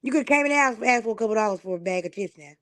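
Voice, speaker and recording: A woman with a fairly high voice talks bluntly on a casual livestream, piling up pointed questions and swearing freely. Her voice sits close and dry, with no room echo. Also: lively intonation, very fast, a bit bright. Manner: blunt, profane, emphatic. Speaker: livestream host.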